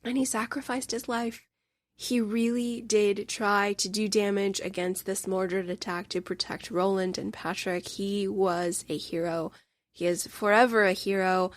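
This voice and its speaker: A woman hosting a book review podcast, talking in an earnest, deeply emotional way into a close mic. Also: fairly even intonation, measured pace, no room sound. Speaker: podcast host.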